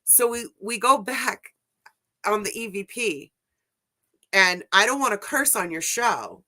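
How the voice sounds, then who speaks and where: New lady ghost hunter, crisp bright voice, tells stories and laughs a lot. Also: medium pitch, unhurried. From Brooklyn, New York. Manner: animated anecdotes with laughs and quoted voices. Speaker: guest paranormal investigator. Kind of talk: casual storytelling interview.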